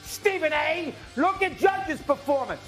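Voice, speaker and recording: An older man ranting loudly and indignantly, firing off rapid sports opinions in a TV studio. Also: very high-pitched, lively intonation, faint music behind. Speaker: sports debate guest. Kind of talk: sports debate rant.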